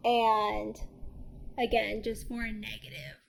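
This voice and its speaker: A woman's voice: on the high side, level tone, takes it slowly, vocal fry, slight background noise. A young woman co-hosting a book podcast, casually chiming in with thoughtful reactions. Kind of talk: casual chat reacting to a plot recap.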